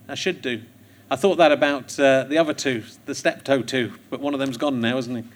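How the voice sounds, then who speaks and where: A man's voice: mid-range voice, steady tone. A man, hosting a chatty interview. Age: 40s. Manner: chatty, affirming, quick to laugh along. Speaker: podcast host. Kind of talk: interview chat.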